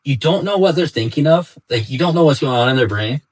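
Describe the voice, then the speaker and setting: A man's voice: medium pitch, animated, fast talker, poor audio. A man talks in a loose, conversational way, stacking his stories with fillers and restarts. His voice sits in a middle range. It is an unscripted podcast chat. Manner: rambling storyteller, heavy use of "like". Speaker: podcast guest, father. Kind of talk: casual chat.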